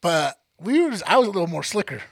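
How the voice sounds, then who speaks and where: A man's voice: sits high, quick pace, vocal fry, no room sound. A man co-hosting a podcast, telling a childhood story casually, swearing a lot and acting out the people in it. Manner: profane, animated storyteller acting out quotes. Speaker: podcast co-host.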